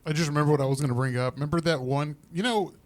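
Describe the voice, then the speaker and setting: A man's voice: fairly high pitch, very fast. A man co-hosting a casual podcast, joking and telling stories that trail off. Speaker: podcast co-host. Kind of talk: casual chat.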